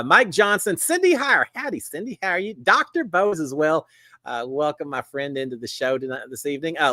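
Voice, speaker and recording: A man's voice: a little high, sharp tone, no echo. A middle-aged man, hosting a casual live stream with a folksy, chatty manner.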